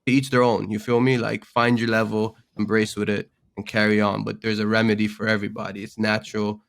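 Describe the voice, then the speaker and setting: Casual podcast guest, young man, low gravelly voice, slangy and laid-back. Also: level tone, fairly quick. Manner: slangy, laughs often, says "bro" a lot. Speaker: rapper and content creator guest.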